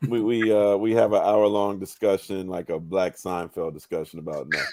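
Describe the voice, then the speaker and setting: Man, guest, low voice, easygoing, joking, casual chat. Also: little pitch movement, fairly quick, a little mellow, no echo. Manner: easygoing, joking, streetwise talk. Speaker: guest sports writer.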